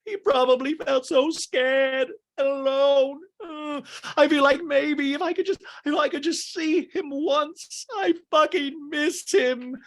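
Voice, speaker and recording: A man's voice: very high voice, fairly even intonation, slow pace, voice pushed up, full character voice. A man voicing an emotional young male DJ, whiny and overwrought.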